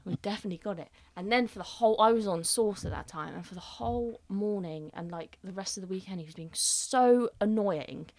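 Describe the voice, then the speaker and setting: A woman's voice: mid-range voice, a little fast, few pauses, dry recording. A young adult woman, a head chef, chatting casually and telling stories with acted-out quotes and the odd swear word. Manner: animated storyteller acting out quotes, swears freely. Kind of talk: casual podcast chat.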